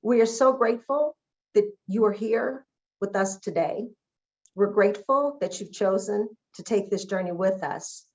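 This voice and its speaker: An earnest woman gives a prepared welcome speech for an online event, speaking from the heart. The audio is a little dull and lo-fi. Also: medium pitch. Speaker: event organizer. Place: video call.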